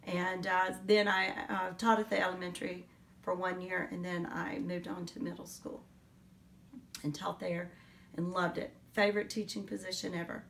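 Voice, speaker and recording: A middle-aged woman giving an oral history interview, telling her story in an earnest, reflective way with pauses and fillers. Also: on the low side, flat delivery, creaky, fairly bright tone, far from the mic, a little hiss or hum. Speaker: interviewee, teacher.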